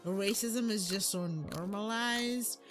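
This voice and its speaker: A woman's voice: mid-range voice, slow, over music. A woman in heated casual discussion, ranting angrily with heavy profanity.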